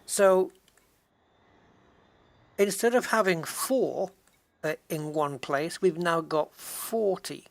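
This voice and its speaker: A casual game streamer talking through play live, thinking aloud and tallying things up as they go. The delivery is chatty and relaxed, with quick restarts and asides to viewers. The pitch sits in the middle of the range. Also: gravelly, no echo. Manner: thinks aloud, counts items and chats with viewers. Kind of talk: live gameplay commentary.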